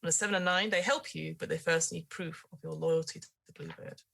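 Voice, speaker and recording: A woman's voice: low voice, fairly even intonation, quick pace, gravelly, a loud crowd. Woman narrating as game master. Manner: descriptive, hesitant with fillers. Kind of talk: narrating a tabletop horror game.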